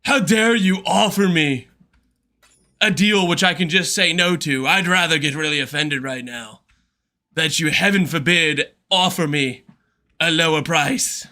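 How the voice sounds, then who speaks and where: A man voicing a haughty, offended male seller in a mock-indignant, drawn-out put-on foreign accent. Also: a little high, sharp tone.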